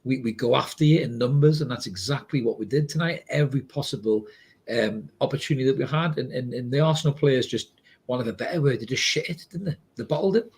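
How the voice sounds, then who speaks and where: A man, co-hosting a podcast, chatting excitably, swearing freely and reading out viewer comments. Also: medium pitch, fast, husky. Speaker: podcast co-host. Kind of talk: casual match reaction chat.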